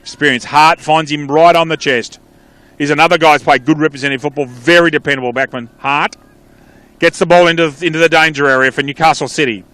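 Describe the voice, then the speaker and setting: A man's voice: fairly high pitch, steady tone, fairly bright tone, no room sound. Australian man calling a local football match. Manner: chatty, quick calls that trail off into asides. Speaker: play-by-play commentator. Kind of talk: live football commentary.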